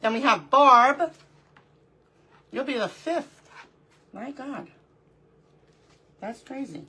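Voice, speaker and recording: A woman's voice: high-pitched, animated, takes it slowly, sharp tone, a little hiss or hum. A middle-aged woman hosting a live crafting stream, chatting casually, greeting viewers by name and talking to herself as she works. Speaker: livestream crafting host.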